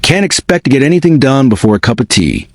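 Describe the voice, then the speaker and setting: A man voicing a gentle, cryptic old blind banshee woman with an Irish accent in a storybook reading. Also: medium pitch, big pitch swings, quick pace, dry recording, clean studio sound, voice pushed up. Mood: kindly.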